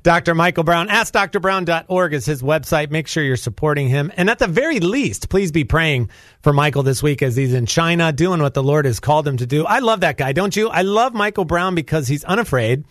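A charged-up man from North Carolina delivers a Christian talk radio monologue, preachy and emphatic. His voice sits a bit high for a man. The sound is dry and close, with no room around it. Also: expressive, brisk, a bit bright, no room sound. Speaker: guest radio host. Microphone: studio microphone.

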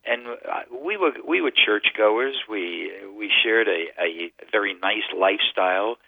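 A man calling in over a thin, tinny phone line tells his testimony as an earnest storyteller. His voice sits on the low side. The sound is dry and close. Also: lively intonation, a little slow, gravelly, no room sound. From Connecticut. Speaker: radio guest. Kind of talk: telling a personal testimony.

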